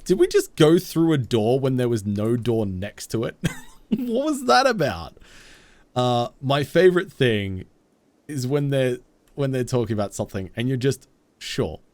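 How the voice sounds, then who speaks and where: A man's voice: mid-range voice, very animated, moderate pace, darkish tone, no room sound. A man live-streaming a game, chatting casually with viewers in a goofy, self-mocking way.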